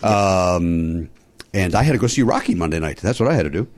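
A man hosting a comedy podcast, his pitch swinging up and down as he talks. He tells stories in a rambling way, correcting himself as he goes. He laughs often. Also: lively intonation, brisk, darkish tone. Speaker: podcast host. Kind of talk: casual comedy podcast chat.

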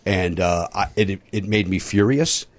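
Animated, profane storyteller with a Chicago accent. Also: male voice, deep voice, a little slow. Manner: animated, profane, mimics voices in anecdotes. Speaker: podcast guest, comedian. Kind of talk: casual podcast storytelling.

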